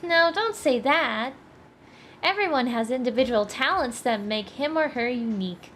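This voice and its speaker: A woman's voice: high-pitched, expressive, moderate pace, a bit bright, a little hiss or hum. A woman voicing a kind young comic princess in an earnest, reassuring way.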